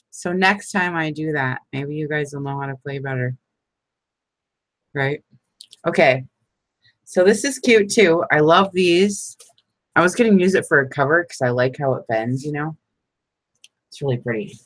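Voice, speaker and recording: Chatty low-voiced woman crafting. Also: no echo. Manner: chatty, rambling, laughs often, self-deprecating. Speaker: craft vlogger. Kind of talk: casual chat while crafting.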